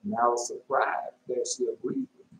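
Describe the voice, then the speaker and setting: A man preaching informally and telling a dream, emphatic, repeating his phrases and jumping into sudden high shouts. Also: normal speed. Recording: echoey room with faint noise.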